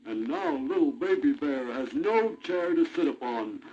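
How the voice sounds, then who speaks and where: A man voicing a big, stern papa bear who scolds in a loud, booming voice. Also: lively intonation, unhurried, a little hiss or hum. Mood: scolding. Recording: muffled old vinyl record.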